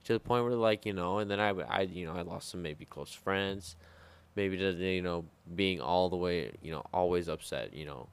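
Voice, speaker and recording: A man with a very deep, smooth voice telling kitchen stories on a casual podcast. He rambles and swears freely and leans on filler words. He speaks as a former sous chef. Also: normal speed.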